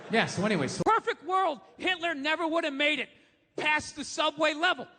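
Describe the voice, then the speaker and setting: A man doing a stand-up comedy rant, loud and profane, acting out voices as he goes. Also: very high voice, animated, a little fast, background noise. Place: live comedy venue. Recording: reverberant live venue with faint ambience.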